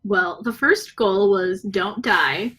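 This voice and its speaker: A woman's voice: mid-range voice, slow pace, fairly bright tone, husky. A young adult woman chatting as a podcast guest, laughing often and acting out quoted dialogue as she tells a story. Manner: giggly storyteller who acts out quoted dialogue. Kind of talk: casual podcast chat.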